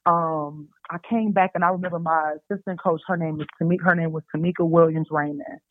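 A young woman, a basketball player and podcast guest, telling stories in a chatty, animated way and calling her listeners y'all. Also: low voice, fast talker. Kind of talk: casual storytelling. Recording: dry tinny phone-like sound.

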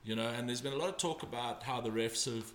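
A man's voice: mid-range voice, fast. A man giving rugby predictions in a casual panel chat, rambling and emphatic, often stopping and restarting. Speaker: rugby pundit. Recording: roomy echo.

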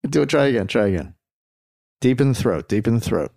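Gravelly-voiced laughing male co-host. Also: mid-range voice, lively intonation, brisk, warm tone, a little hiss or hum. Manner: laughs often, playful teasing. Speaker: podcast co-host. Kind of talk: casual chat.

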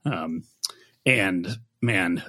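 A man's voice: low-pitched, drawn-out words, sharp tone, slightly rough. A man co-hosting a casual review podcast, chatty and wry, laughing often as he talks. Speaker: podcast co-host.

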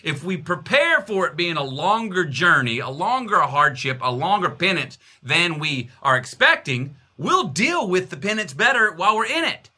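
A man's voice: very animated, normal speed, few pauses, bright, forceful tone. A man in his fifties with a Texan accent, talking as an interview guest in an emphatic, repeating way. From Texas. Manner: emphatic, repeats phrases, swings pitch widely. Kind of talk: conversational interview.

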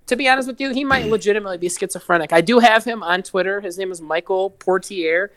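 A man's voice: high-pitched, fast talker, fairly bright tone, no room sound. Rambling, foul-mouthed guest man. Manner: rambling, profane, heavy use of "like". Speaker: guest musician. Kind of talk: casual podcast chat.

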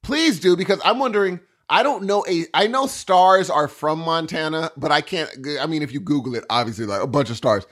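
A man's voice: on the high side, brisk, hardly any pauses. A man co-hosting a podcast in casual chat, telling stories and breaking into silly voices. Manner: animated storyteller who jumps into silly voices. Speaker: podcast co-host.

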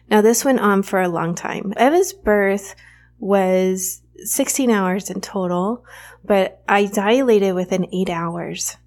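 A woman in her thirties hosting a podcast, telling a personal story in a candid, animated way with frequent fillers. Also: mid-range voice. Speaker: podcast host.

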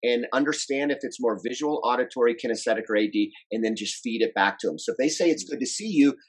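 A man who grew up in France, coaching on relationships in a casual podcast chat, instructive and energetic, often repeating words. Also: medium pitch, quick pace, husky, low-quality recording.

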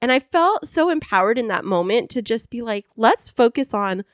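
A woman's voice: on the high side, expressive, normal speed, no room sound, studio quality. A young adult woman co-hosting a podcast in casual chat, bubbly and affectionate, laughing often. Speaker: podcast co-host.

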